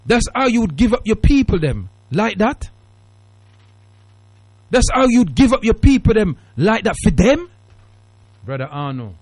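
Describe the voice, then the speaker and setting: A man's voice: sits high, big pitch swings, measured pace, pauses often, darkish tone, dry recording. Patois-flavoured british guy hosting a radio call-in, preachy and emphatic, voice jumps all over, dry studio sound. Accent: Jamaican Patois-tinged British English. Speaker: radio talk show host. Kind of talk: casual call-in radio talk.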